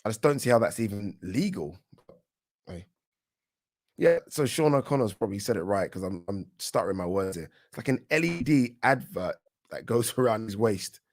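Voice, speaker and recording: A man with a British accent giving casual live commentary on a boxing match for his channel, chatty and quick to react, often restarting his words. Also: on the low side, lively intonation. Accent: British English. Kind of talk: live watch-along fight commentary.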